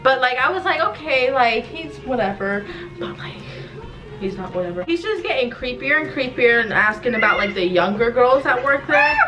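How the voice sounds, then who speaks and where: A woman's voice: high-pitched, animated, moderate pace, music in the background, poor audio. A young woman telling casual stories to friends, laughing and swearing as she goes. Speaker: storyteller. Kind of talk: casual story time chat.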